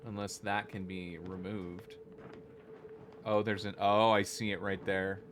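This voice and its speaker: A man's voice: deep voice, level tone, a little slow, fairly bright tone, a little hiss or hum. A man casually thinking aloud while he plays a game from his home desk, swearing when he gets annoyed. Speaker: streamer. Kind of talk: casual gameplay commentary.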